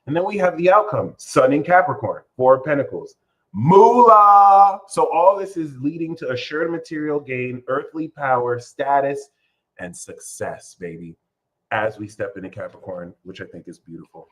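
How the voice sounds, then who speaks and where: A man's voice: medium pitch, expressive, fairly quick, few pauses. A man giving a casual tarot reading, talking in a playful, rambling way and swearing freely. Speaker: tarot reader.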